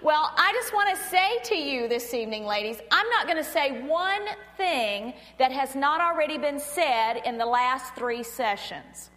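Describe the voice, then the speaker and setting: A woman's voice: high voice, moderate pace, few pauses, in a large hall. A middle-aged woman from North Florida with a Southern accent, speaking to a women's church gathering in a chatty, humorous way. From North Florida, USA. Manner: chatty, self-deprecating humor, animated acted-out quotes. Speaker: pastor's wife, guest speaker at women's meeting. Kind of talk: conversational sermon with storytelling.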